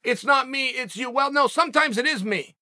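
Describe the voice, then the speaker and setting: A man talks in a casual monologue as a sports podcast host. His voice sits high and rings bright and tense. He hammers his points home in short, rhetorical, emphatic lines. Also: fairly quick. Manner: emphatic, punchy rhetorical delivery.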